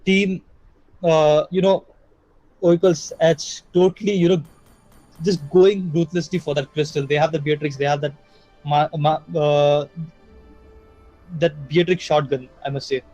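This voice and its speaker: A man's voice: on the high side, a little slow, pauses often, lo-fi sound. Upbeat male esports caster over game music. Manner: energetic, filler-heavy play-by-play with frequent "you know". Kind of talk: live game commentary.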